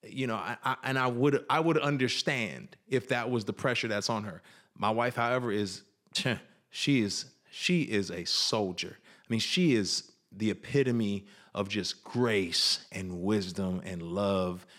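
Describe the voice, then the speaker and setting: A man's voice: on the low side, a little slow, fairly bright tone. A man speaking candidly and reflectively about his life and marriage, with frequent restarts and retold quotes. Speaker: guest sharing his life story. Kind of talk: candid personal talk.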